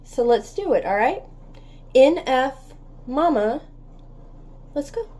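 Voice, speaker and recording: A bubbly woman from the United States hosts her channel, chatting warmly with her viewers. Her voice sits high and swings widely up and down. She takes her time, talking at an unhurried pace. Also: big pitch swings. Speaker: reaction channel host. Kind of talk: casual chat to viewers.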